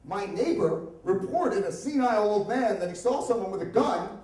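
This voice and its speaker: A man from the Upper Darby area telling a comic, profane story at a live story slam, chatty and animated. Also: high-pitched, moderate pace. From Upper Darby, Pennsylvania area. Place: stage at a live storytelling event. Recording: echoey room, voice from far off.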